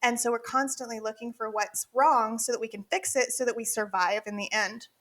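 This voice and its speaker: Woman co-host, forties, candid chatty delivery, a bit higher voice. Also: fairly even intonation, a little fast, a bit bright. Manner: candid, chatty, laughs often, many fillers. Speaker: podcast co-host, dental practice consultant. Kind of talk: casual podcast chat.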